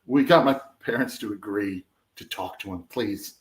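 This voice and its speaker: A man's voice: fairly low pitch, normal speed. An American man telling a story as an interview guest, acting out what others said in raised voices. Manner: animated, acts out quoted voices loudly. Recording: echoey room.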